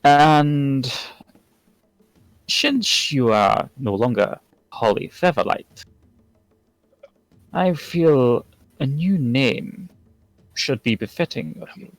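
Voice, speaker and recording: A man narrating a tabletop game as game master, in a measured, formal way. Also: mid-range voice, lively intonation, no echo, soft background music, low-quality recording.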